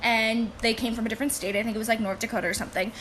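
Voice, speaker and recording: A woman who works in a toy store, casually telling funny customer stories to camera, animated and laughing as she goes. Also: fairly high pitch, very fast, a little hiss or hum. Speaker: retail store employee.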